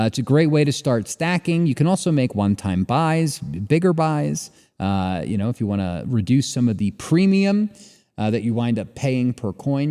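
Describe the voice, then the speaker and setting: A man co-hosting a podcast, reading sponsor spots and joking in a relaxed way with fillers. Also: medium pitch, big-room sound. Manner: lively, joking, drawls ad reads with fillers. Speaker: podcast co-host. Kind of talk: casual chat and read ads.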